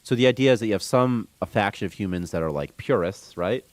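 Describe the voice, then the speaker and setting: A man's voice: on the low side, lively intonation, quick pace, dry recording. A man streaming game development, rambling casually with strong opinions and reading chat comments aloud. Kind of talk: casual rant on a live stream.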